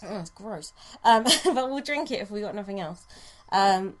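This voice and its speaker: A woman's voice: mid-range voice, animated, moderate pace. A woman co-hosting a casual podcast chat, sarcastic and sweary, laughing often. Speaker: podcast co-host.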